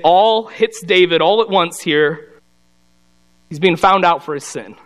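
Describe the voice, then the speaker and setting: A man's voice: high voice, a bit bright. A man giving a casual Bible study talk, telling the story conversationally and briefly voicing the characters. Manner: conversational storytelling, slips into quick voices for the characters.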